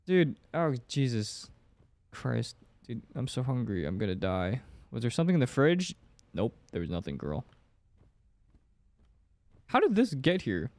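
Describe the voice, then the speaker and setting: A man's voice: mid-range voice, very animated, a little slow, long pauses, a little mellow, no room sound. A young man gives jumpy commentary while playing a horror game, talking to himself and swearing now and then. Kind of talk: gameplay commentary.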